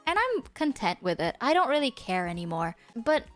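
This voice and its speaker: A woman vtuber rambles in casual livestream chat, full of fillers and laughter, and at times drops to a hushed whisper. Her voice is fairly high-pitched and very animated, at a moderate pace, with soft music in the background.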